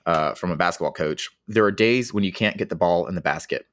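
A man's voice: low-pitched, a little fast, a bit bright. A man co-hosting a podcast, laying out his points in order in a thoughtful way. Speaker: podcast co-host. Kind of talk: casual discussion.

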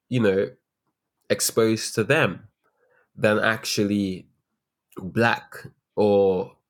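Earnest male teacher, chatty. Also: medium pitch. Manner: earnest, reflective, frequent fillers and restarts. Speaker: teacher, guest. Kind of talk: casual interview talk.

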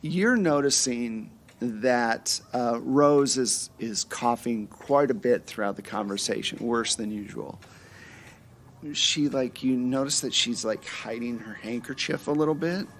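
A man's voice: mid-range voice, unhurried. Guy game master talking loose and easy, bit of hiss in the background. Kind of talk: narrating a tabletop game.

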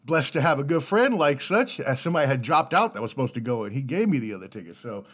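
Recording through a studio mic and preamp in his apartment's home studio, this podcast host in his thirties from the D.C. area rambles casually on his own. His mid-range voice is fairly bright, very animated and fast. He talks in a loose, easygoing, profane way and laughs readily.

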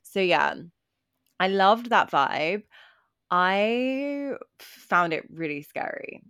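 A woman co-hosting a podcast, talking casually in a hesitant, halting way. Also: mid-range voice, very animated, fairly bright tone, clean tone, no echo, clean studio sound. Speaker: podcast co-host. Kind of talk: casual conversation.

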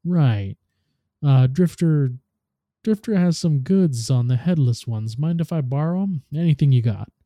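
A man voicing a scheming male robotic ghost who talks smoothly when bargaining and gets nervous when cornered. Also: fairly high pitch, lively intonation, measured pace, mellow, no room sound, clean studio sound.

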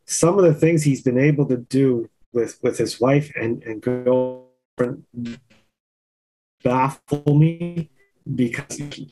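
A man's voice: mid-range voice, breathy edge, rough recording. A man chatting casually as a podcast host, loose and teasing, drawing out his words. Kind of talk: casual chat.

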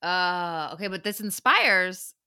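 Lively, bright-voiced woman podcast host. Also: fairly low pitch, takes it slowly, smooth. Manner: animated, swearing, recounts scenes in quoted voices. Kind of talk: casual reality-TV recap chat.

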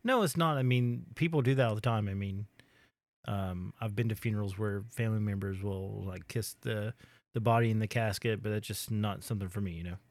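A man co-hosting a podcast who speaks quietly and agreeably in casual chat. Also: on the low side, brisk. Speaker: podcast co-host.

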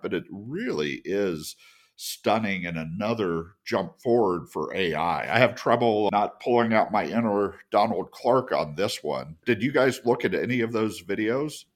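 Deep-voiced man co-hosting a podcast. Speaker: podcast co-host. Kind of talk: casual podcast discussion.

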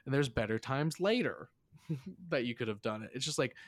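A man's voice: medium pitch, animated, moderate pace. A man hosting a casual movie review podcast, rambling and filler-heavy, swearing now and then. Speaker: podcast host.

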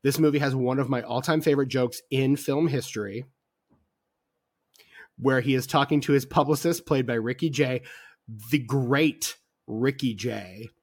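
A man's voice: medium pitch, moderate pace, no room sound, studio quality. A man co-hosting a casual film podcast, talking with rambling enthusiasm, full of fillers and casual swearing. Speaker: podcast co-host.

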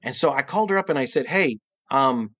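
A middle-aged man, a guest voice actor and cartoonist, telling a long anecdote in a podcast interview and leaping into high, exaggerated voices when he quotes people. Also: animated, very fast, slightly rough, no room sound.

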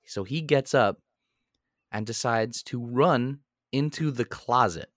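A young man and podcast co-host telling a story in a casual, animated way. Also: measured pace, no room sound, clean studio sound. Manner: animated storyteller, jumps into high voices when quoting.

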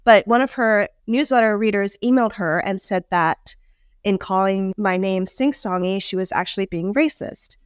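A woman who works as a chef and food writer, telling a story in casual conversation, filling her talk with "like" and animated asides. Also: medium pitch, moderate pace, smooth, dry recording, studio quality.

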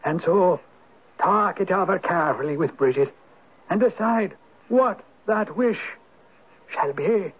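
An actor playing a mysterious old male spirit, a Viking turned Irish, in a 1970s radio drama. He speaks with an Irish accent in a husky, solemn and knowing way. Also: high voice, animated, unhurried, long pauses, slight background noise. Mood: wise, teasing. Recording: narrow, tinny old radio broadcast.

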